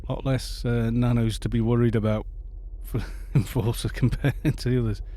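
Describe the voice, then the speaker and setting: A man's voice: medium pitch, flat delivery, moderate pace, dark tone. A Welsh man streaming a game, chatting casually and rambling as he greets viewers at a desk microphone. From Wales. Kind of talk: casual live-stream chat while playing.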